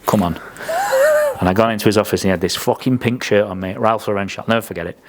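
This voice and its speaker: A man's voice: fairly low pitch, fairly even intonation, very fast. A man telling blunt, sweary stories in a casual podcast chat. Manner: blunt, sweary storyteller who acts out quotes. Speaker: podcast speaker.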